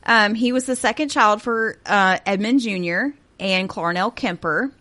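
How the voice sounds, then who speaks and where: A woman in her thirties co-hosts a casual true-crime show, reading out grim notes with sarcasm. She laughs often and keeps it chatty, in a voice of middling pitch. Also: a little slow, sharp tone. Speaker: podcast host.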